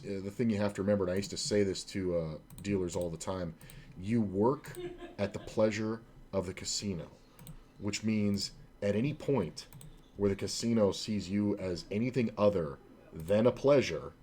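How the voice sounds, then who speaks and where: A man's voice: deep voice, moderate pace, dark tone, slight background noise. A man who streams online poker, telling a long, casual, profane story with many "uh"s and restarts. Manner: rambling, profane, heavy on filler words. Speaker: poker streamer and former casino dealer trainer.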